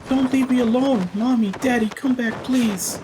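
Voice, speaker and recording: A man voicing a delirious, dying little girl with a high, childlike pleading voice. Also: normal speed, background noise.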